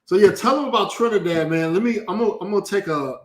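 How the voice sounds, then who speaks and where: A man from the United States hosts a podcast, putting questions in an easygoing, halting way. His voice is a touch higher than most men's. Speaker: podcast host. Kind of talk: casual interview chat.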